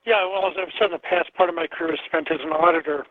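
A man's voice: on the high side, steady tone, racing, no echo. A man calling in to a talk radio show, rambling and hesitant, with many fillers. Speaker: caller. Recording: tinny phone line.

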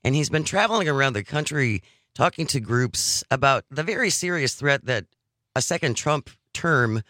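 A man hosts a talk radio show, chatting casually but earnestly and working through his argument step by step. His voice has a bright, forceful edge. The studio sound is dry and close. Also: mid-range voice, animated, moderate pace, no echo. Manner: conversational, earnest, argues point by point.

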